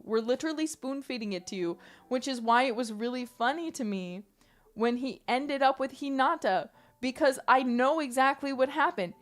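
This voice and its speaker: A woman streamer ranting in casual, animated talk, emphatic and swearing freely. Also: on the high side.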